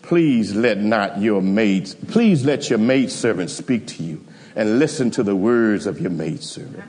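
A man acting out a humble woman begging for mercy, her words low, soft and drawn out. A long hall reverb hangs on every phrase. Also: expressive. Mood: pleading. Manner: low, soft, slow and pleading. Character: humble pleading wise woman, grown.

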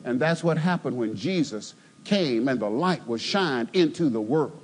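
A male preacher delivering a sermon, building from steady exposition to loud, emphatic, fervent peaks. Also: mid-range voice, measured pace, slight background noise.

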